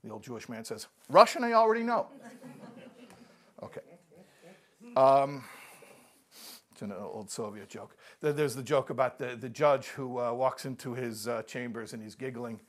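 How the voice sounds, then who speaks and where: A man's voice: medium pitch, steady tone, normal speed. A man casually explaining and telling jokes, with frequent fillers and restarts, laughing at his own punchlines. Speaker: speaker on Jewish humor.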